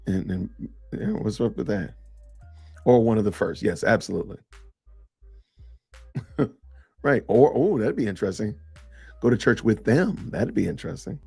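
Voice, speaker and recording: A man's voice: on the low side, animated, normal speed, gravelly, pauses often, a little mellow, slightly rough, no echo, soft background music. A middle-aged man hosting a casual live-stream podcast, chatting loosely and reacting to viewer comments. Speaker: podcast host.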